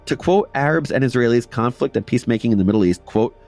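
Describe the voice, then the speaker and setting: A man's voice: medium pitch, animated, fast talker, a little mellow, soft background music. A man hosting a history podcast, narrating a script with casual asides and repeating phrases for emphasis.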